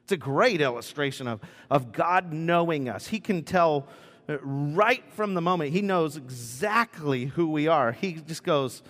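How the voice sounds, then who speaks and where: Chatty pastor, high voice, church reverb. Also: male voice, animated, a little slow, a bit bright. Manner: chatty and humorous, with frequent restarts. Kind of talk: conversational sermon. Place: church sanctuary. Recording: long reverb of a church hall.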